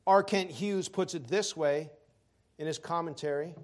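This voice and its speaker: High-voiced animated male preacher. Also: normal speed. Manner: animated preaching, swings from loud emphasis to quiet asides; joking asides. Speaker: pastor. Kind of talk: sermon.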